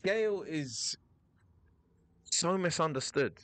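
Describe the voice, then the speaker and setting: A man giving playful, animated commentary while playing a video game, thinking aloud and repeating himself. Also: fairly high pitch, takes it slowly. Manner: animated, playful, sudden loud outbursts. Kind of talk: live gameplay commentary.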